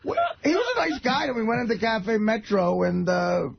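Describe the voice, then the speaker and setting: A man telling a rambling story on a talk radio show, halting and stammering, with plenty of swearing. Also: sits high, expressive, creaky, slight background noise. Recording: lo-fi radio broadcast audio.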